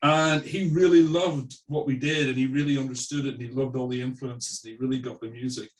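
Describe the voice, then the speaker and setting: A man's voice: medium pitch, fairly even intonation, fairly quick, distant mic, rough recording. A middle-aged Irish-born man with a mid-Atlantic accent, telling chatty stories as a musician guest in an interview. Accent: mid-Atlantic with Irish traces. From Ireland. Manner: chatty anecdotal storyteller. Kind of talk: casual interview storytelling.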